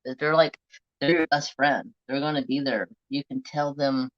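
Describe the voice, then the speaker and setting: A man's voice: mid-range voice, fairly even intonation, unhurried. A man hosting a craft livestream, chatting casually and bluntly, swearing freely. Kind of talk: casual live-stream chat. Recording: dull lo-fi stream audio.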